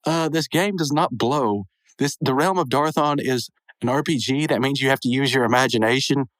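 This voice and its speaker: A man's voice: a little high, fairly bright tone, no room sound, voice pushed up, natural voice. Man doing a snobbish cartoon store clerk. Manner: slow condescending drawl.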